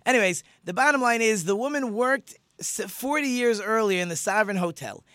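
A middle-aged rabbi hosts his radio talk show, rambling warmly through a story with plenty of ums and restarts. His voice sits a little high and rings bright and forceful. The sound is close and dry, as from a studio. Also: lively intonation, a little fast, dry recording. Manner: conversational and chatty, many fillers and restarts.

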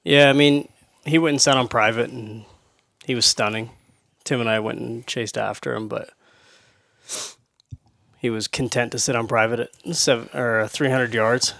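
A relaxed man hosts a casual podcast conversation and drops in quick remarks. His voice is mid-pitched, and the sound is dry with no room echo. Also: gravelly. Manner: relaxed, chimes in with short remarks. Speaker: podcast host. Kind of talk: casual chat. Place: in-person recording on a hunting trip.

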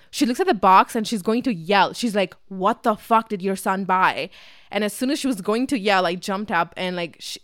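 A young woman vlogger telling a casual, fast, filler-heavy story with lots of swearing, acting out her family's voices as she goes. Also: mid-range voice, fairly bright tone, clean tone, dry recording, clean studio sound. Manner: acts out family members' voices.

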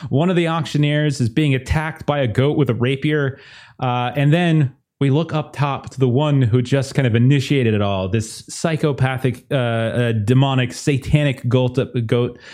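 A young man narrating a tabletop game as game master, chatty and relaxed with many fillers. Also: medium pitch, moderate pace.

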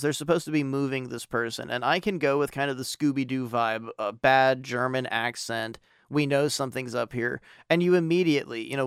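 Male podcast co-host, animated sarcastic movie critic, resonant voice with some fry. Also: mid-range voice, dry recording, clean studio sound. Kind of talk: casual movie-review chat.

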